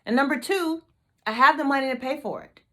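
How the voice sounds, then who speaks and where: A woman's voice: sits high, fairly quick, fairly bright tone. A woman hosting a motivational team meeting video, fired up and emphatic, repeating her questions to the group.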